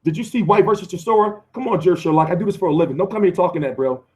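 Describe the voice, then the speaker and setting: On his live boxing stream, an American commentator and channel host fires back at viewer comments in a racing, profane rant. His voice sits high, and he keeps restarting and repeating himself.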